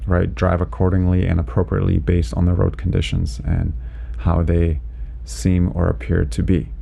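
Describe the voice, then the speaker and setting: A man who is a driving instructor, explaining winter driving in a relaxed, chatty way from inside his car, with lots of "you know" and "right?". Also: deep voice, normal speed, vocal fry, breathy edge. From Canada. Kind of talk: casual instructional commentary while driving.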